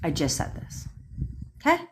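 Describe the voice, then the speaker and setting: On a livestream captured by phone or webcam, a young woman who works as a manifestation coach delivers a blunt, profanity-laced casual rant while answering incoming viewer comments. She speaks in an unhurried way, and there's a little hiss or hum on the audio.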